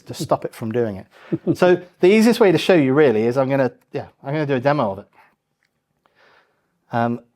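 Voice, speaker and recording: A man with a medium-pitched, darkish voice presents a live tech demo to a room of roughly forty people. His delivery is casual and chatty, full of fillers and restarts.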